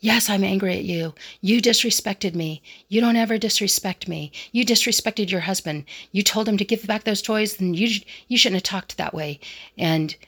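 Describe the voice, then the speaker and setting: A woman's voice: mid-range voice, normal speed, fairly bright tone, breathy edge. A woman quoting an angry scolding man. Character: angry male neighbor, indignant and scolding.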